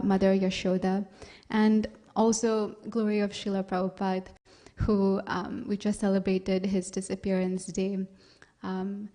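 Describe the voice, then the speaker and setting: A woman giving a conversational sermon at a temple Sunday class, with frequent pauses and fillers. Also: medium pitch, warm tone. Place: temple hall.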